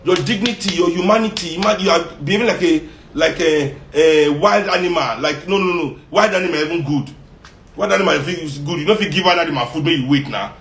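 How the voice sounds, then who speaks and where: A man's voice: on the high side, a little fast, fairly bright tone, slight background noise. A man with a Nigerian accent giving an impassioned monologue, fiery and laughing often as he slips into pidgin. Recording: roomy echo.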